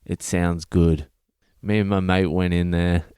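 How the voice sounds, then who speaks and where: A man's voice: deep voice, flat delivery, measured pace, dark tone, clean tone, no room sound. An Australian man, a comedian hosting a podcast, telling stories in a blunt, rambling, sweary monologue. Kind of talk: casual storytelling monologue.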